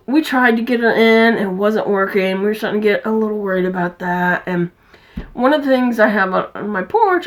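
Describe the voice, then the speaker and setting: A chatty woman talks to camera from her home at an average pitch. She wanders from one thought to the next in a loose, rambling way. Now and then she slips into a high sing-song to fuss over her cats. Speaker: crafting vlogger. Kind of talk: rambling casual chat to camera.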